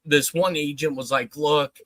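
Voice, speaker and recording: A man's voice: medium pitch, unhurried, dry recording, rough recording. A man casually telling a long story on a livestream, swearing often and acting out the dialogue. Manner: profane, animated retelling with quoted dialogue.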